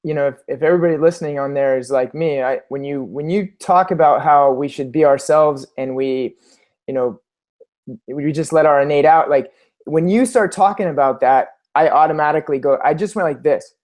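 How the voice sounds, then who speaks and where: Friendly, somewhat high-voiced man co-hosting. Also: a little fast, a little mellow. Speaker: co-host. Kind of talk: casual live show chat.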